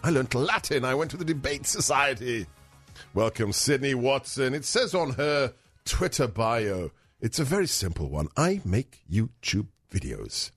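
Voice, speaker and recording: Teasing talk radio host with British accent. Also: male voice, mid-range voice, big pitch swings, moderate pace, fairly bright tone, no echo, soft background music. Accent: British-educated. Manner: joking, teasing, banter-heavy. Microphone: studio mic.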